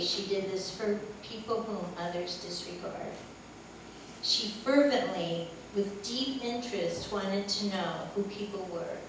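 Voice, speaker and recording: An older woman giving a memorial tribute speech, telling fond stories of her friend with humor. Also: mid-range voice. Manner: warm storytelling with laughter. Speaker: eulogy speaker. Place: large echoey hall. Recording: echoey hall from far off, noisy.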